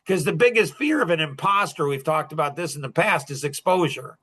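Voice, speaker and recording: A man's voice: on the high side, lively intonation, fairly quick, pushed and bright. A man coaching a group, lecturing in a blunt, emphatic and scolding way.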